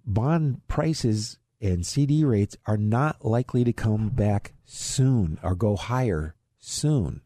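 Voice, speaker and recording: A man's voice: on the low side, lively intonation, slow, few pauses, warm tone, dry recording, studio quality. A middle-aged man from Ohio hosting a radio show on investing, talking in a folksy way with chuckles and restarts. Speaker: radio show host, financial advisor. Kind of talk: casual radio talk on investing.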